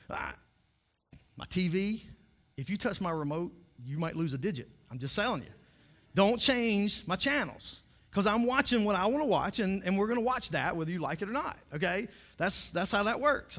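Man, pastor, high voice, jokey sermon, repeats words when starting sentences. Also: fairly bright tone. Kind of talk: humorous sermon.

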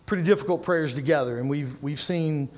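A middle-aged man preaching a sermon as pastor, telling animated stories and rising to loud emphasis. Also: fairly high pitch, fairly quick, big-room sound.

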